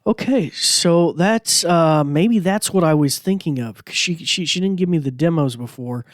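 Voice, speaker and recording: A man's voice: fairly high pitch, no room sound, studio quality. A man hosting a casual tech podcast, chatty and rambling, with plenty of fillers. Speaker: podcast host.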